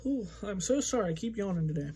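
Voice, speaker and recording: Male pastor, high-pitched, relaxed conversational Bible teaching with frequent fillers. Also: a little slow, a little hiss or hum. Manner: conversational, thinking aloud with fillers.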